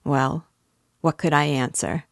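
A woman voicing a shrewd middle-aged male magistrate who presses his point in a measured, quietly insistent way. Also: sits low, steady tone, vocal fry, no room sound, clean studio sound, heavily acted. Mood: calmly pressing.

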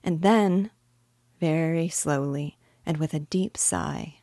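A woman reading a children's story aloud in a gentle, measured way. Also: low voice, vocal fry, no room sound, studio quality. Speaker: storybook reader.

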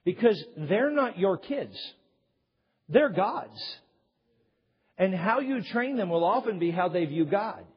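A man preaching a sermon to a congregation as a pastor, telling family stories in an animated way. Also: high-pitched, slow, pauses often, slightly rough. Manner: animated storyteller, acts out yelling quotes. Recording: dull sound with long hall reverb.

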